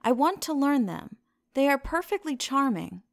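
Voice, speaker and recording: A woman's voice: sits high, big pitch swings, normal speed, pitched above the performer's own voice. A woman reading the lines of a petulant, charming young man in a storybook reading, in an eager, lightly pleading way.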